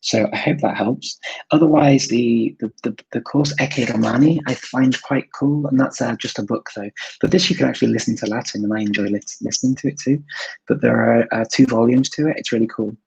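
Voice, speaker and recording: A man's voice: medium pitch, brisk, gravelly, a little mellow, slightly rough, no room sound, muffled recording. A man hosting a live stream, answering viewer questions in a thoughtful, casual way with many fillers, sometimes switching languages. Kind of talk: live Q&A chat.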